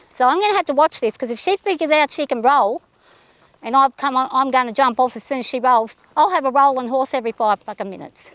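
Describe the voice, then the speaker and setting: A woman riding a horse outdoors, talking her nerves out loud and soothing her mount in a casual vlog. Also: sits high, fast, dry recording. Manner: anxious, thinking aloud, soothing her horse. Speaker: horse rider vlogger. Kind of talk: casual narration while riding. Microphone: camera held by a companion.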